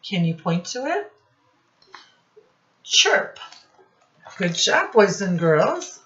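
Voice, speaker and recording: A woman's voice: medium pitch, sing-song, unhurried, roomy sound, muffled recording. A woman reading a picture book aloud to young children, acting out the sound words in a sing-song teacherly way, asking questions and praising them. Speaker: storybook reader for children. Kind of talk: read-aloud storytime for young kids.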